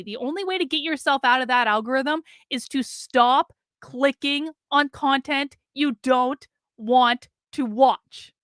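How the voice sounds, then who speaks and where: A woman's voice: on the high side, a bit bright, no room sound, studio quality. A woman hosting a livestream, talking bluntly and conversationally with lots of fillers as she reads out chat comments. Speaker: livestream host.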